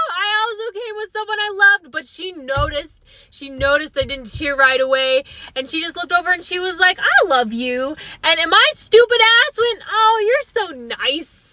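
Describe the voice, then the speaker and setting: A young woman with a high, bright voice tells a funny personal story, wry and self-deprecating. She keeps the delivery close and dry, with no room sound around her. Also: dry recording. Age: young adult. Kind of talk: comedic storytelling monologue.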